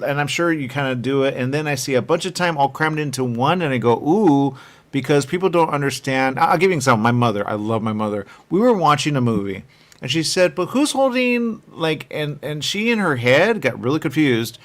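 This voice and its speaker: A man interviewing filmmakers, chatty and rambling, telling animated stories. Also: mid-range voice, fast talker. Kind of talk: festival interview.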